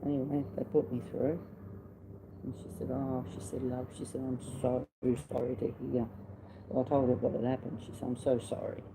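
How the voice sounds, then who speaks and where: A man's voice: medium pitch, level tone, moderate pace, creaky, background noise. A middle-aged man with an Australian accent tells a personal story in a casual, blunt, salty way, acting out past conversations. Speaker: vlogger.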